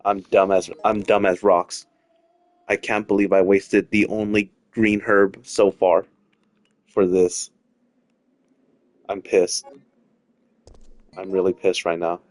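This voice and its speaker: Low-voiced rambling gamer man. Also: flat delivery, slow, long pauses, dry recording. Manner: rambling, repeats himself, swears freely. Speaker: gaming streamer. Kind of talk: casual let's-play commentary.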